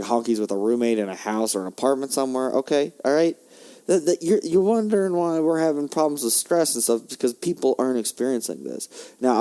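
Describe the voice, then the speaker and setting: A young man hosting a podcast, ranting in a heated, profane monologue that swings between loud outbursts and low muttering. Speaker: podcast host.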